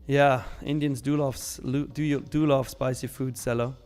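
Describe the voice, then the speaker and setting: Young guy hosting a live stream, upbeat and chatty, reads out chat, laughs a lot, soft music behind. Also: mid-range voice, steady tone, moderate pace. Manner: chatty, upbeat, laughs often, slang like fire. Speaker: live trading stream host. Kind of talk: casual live-stream chat reading viewer comments.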